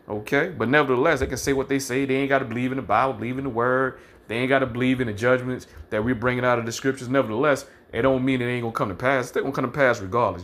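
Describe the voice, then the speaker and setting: A man preaching fiercely and profanely, ending nearly every phrase with "man" and slowing down to read scripture verses aloud. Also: medium pitch, fairly bright tone. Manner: reads scripture verses slowly and deliberately. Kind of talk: fiery street-style preaching with scripture reading.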